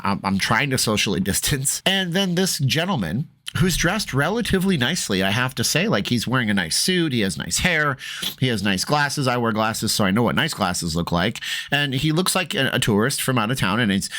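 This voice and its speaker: A man telling a storytime vlog in a loose, rambling way, with plenty of fillers and restarts. He drops into low asides and then jumps up into animated, raised bursts. His voice sits at a middling pitch for a man. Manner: rambling, chatty, many fillers. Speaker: vlogger.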